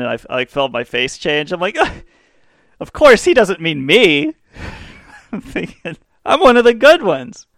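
A man's voice: mid-range voice, a bit bright, no echo, studio quality. A young adult man hosting a podcast, telling rambling, profane, self-mocking stories in a casual way. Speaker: podcast host. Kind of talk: casual comedic storytelling.

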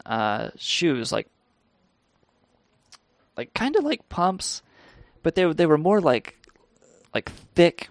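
A man's voice: medium pitch, gravelly, no room sound. A man hosting a call-in radio show, telling rambling, crude stories and laughing as he goes. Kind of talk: casual storytelling on a call-in show.

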